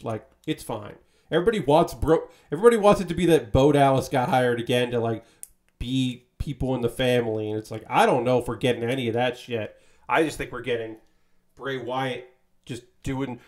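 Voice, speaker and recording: While building a model kit on stream, a man chats casually, rambling with lots of fillers and a bit of swearing. His voice is mid-range.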